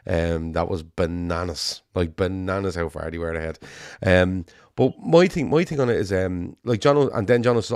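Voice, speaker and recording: A middle-aged man with a Liverpool accent, co-hosting a casual football chat, animated and sweary, rambling with restarts. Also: deep voice, normal speed, few pauses, dry recording, clean studio sound. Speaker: podcast co-host.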